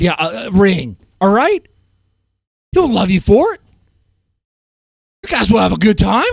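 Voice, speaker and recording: A man streaming live, ranting at his chat in a heated, swinging way, his voice strained and often cleared. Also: dry recording, clean studio sound. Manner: heated, swings from loud outbursts to low muttering. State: voice strained, keeps clearing throat. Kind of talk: ranting livestream commentary to chat.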